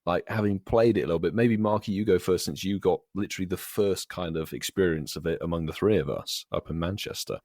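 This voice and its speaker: A man's voice: low voice, fast talker, hardly any pauses, darkish tone, no room sound, clean studio sound. A man co-hosting a casual podcast, laid-back and steering the conversation back on topic. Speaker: podcast co-host. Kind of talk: casual chat.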